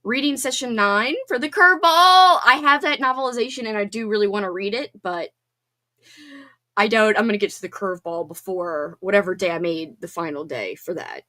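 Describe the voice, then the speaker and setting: A woman's voice: medium pitch, pushed and bright. A woman hosting a casual livestream from home, chatting bubbly and reading out viewer comments. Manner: bubbly and chatty, quick laughs and squeals. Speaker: livestream host.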